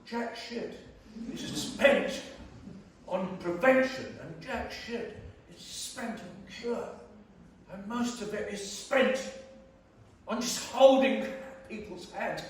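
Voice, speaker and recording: A man's voice: high-pitched, slow pace, slight background noise. A man giving a blunt, emphatic, jokey speech to a community meeting in a church hall. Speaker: guest panellist. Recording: very echoey church hall, far from mic.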